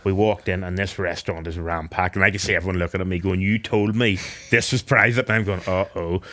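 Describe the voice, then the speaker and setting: A man's voice: deep voice, steady tone, fast, fairly bright tone. A man with an Irish accent, a guest on a podcast, telling dry, understated stories in a casual chat. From Ireland.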